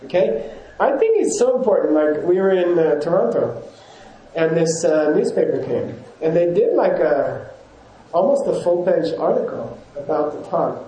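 A man's voice: fairly high pitch, expressive, moderate pace, dark tone, reverberant, lo-fi sound. A man, a yoga teacher, giving a casual rambling talk to his class, often chuckling and correcting himself.

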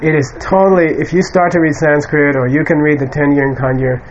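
A man teaches a class of students in a relaxed, rambling way, full of fillers and side remarks. His voice sits a touch high. The old lo-fi recording is muffled, with a faint hiss underneath. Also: brisk. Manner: conversational, many fillers and asides. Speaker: Buddhist teacher. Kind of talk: informal dharma lecture to students. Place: lecture room with an audience.

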